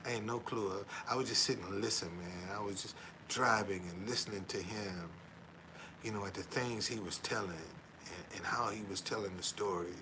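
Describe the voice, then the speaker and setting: His voice is fairly low and his pace normal, with noise in the background. This middle-aged tour guide and ex-van driver chats on a livestream, looping back over points, capping sentences with "man," and earnestly lecturing on honesty.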